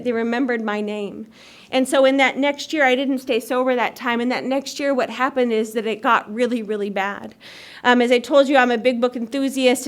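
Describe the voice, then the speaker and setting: A woman sharing her personal recovery story at a meeting, in a chatty, self-mocking way and laughing often. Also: a little high. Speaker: AA meeting speaker. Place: meeting hall.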